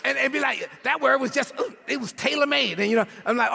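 A man preaching an energetic sermon in a church, often shouting and calling on the congregation to repeat his words. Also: very high-pitched, fast, vocal fry, few pauses, breathy edge. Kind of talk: energetic sermon with call-and-response. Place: church sanctuary. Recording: long hall reverb with faint music.

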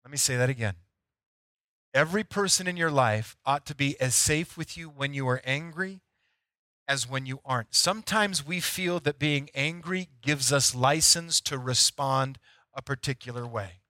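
A man's voice: on the high side, moderate pace, bright, forceful tone, no room sound, studio quality. A man preaching a sermon as a pastor, emphatic and repeating key lines for effect.

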